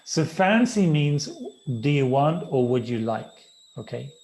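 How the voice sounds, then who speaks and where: A man, slowly and patiently explaining slang words to a class. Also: fairly high pitch, sing-song, a little mellow. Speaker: guest English speaker.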